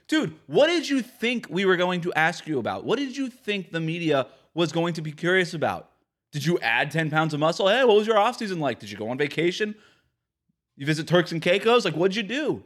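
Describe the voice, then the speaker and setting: A man's voice: sits high, very animated, brisk, fairly bright tone. A man hosting a sports podcast, delivering an emphatic, ranting opinion monologue. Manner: emphatic, ranting, mocks quotes with put-on voices. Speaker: podcast host.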